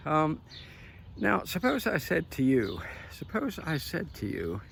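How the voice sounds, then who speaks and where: Brief: older male commentator, very gravelly, punchy repetition, recorded outdoors over faint noise. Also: on the high side, huge pitch swings, measured pace, a bit bright. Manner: emphatic, repetitive, chuckling between points. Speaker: political commentator. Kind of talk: opinionated outdoor vlog monologue. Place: outdoors after a morning jog.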